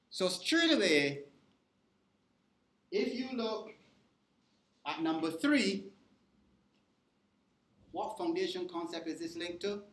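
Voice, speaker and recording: A male lecturer teaching a class in an interactive way, often stopping to check whether the students are following. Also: a little high. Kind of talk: university lecture. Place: lecture hall. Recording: echoey lecture hall recording.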